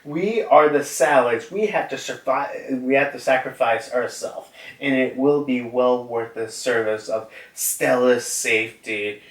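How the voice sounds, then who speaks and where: A man voicing a stern, cautious scientist clone in a quick, lecturing read. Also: medium pitch, lightly acted. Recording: roomy, slightly distant mic.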